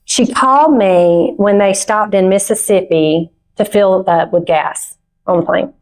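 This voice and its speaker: A middle-aged woman on a conference stage, giving a personal testimony in a heartfelt, halting storytelling manner. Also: medium pitch, a little mellow. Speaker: conference speaker. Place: conference stage before an audience.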